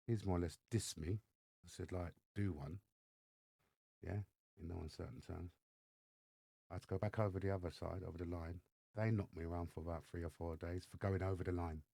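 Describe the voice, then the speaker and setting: A man with an English accent, a podcast guest telling his life story in lively fashion and acting out the voices of others. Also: low voice, fast, creaky, dry recording, clean studio sound. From England. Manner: animated storyteller acting out dialogue. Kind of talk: storytelling interview. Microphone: studio microphone.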